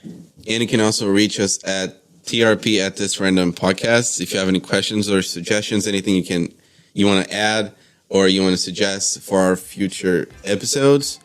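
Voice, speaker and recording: Low-voiced hesitant male co-host. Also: steady tone, moderate pace. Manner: hesitant, repeats words, peppers speech with "like". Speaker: podcast co-host. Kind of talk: casual chat.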